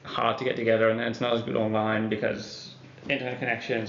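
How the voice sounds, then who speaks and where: Male podcast co-host from the Netherlands, easygoing, gravelly, dull roomy recording. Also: lowish voice, flat delivery, quick pace, a bit bright, slight background noise. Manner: laid-back, swears casually. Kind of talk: casual chat. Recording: dull echoey room recording.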